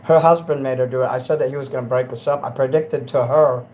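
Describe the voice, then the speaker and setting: A man's voice: mid-range voice, fairly even intonation, quick pace, rough recording. Rambling, crude man on a livestream. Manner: rambling, crude, swings between mutters and loud rants. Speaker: livestream host. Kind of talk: casual late-night livestream chat.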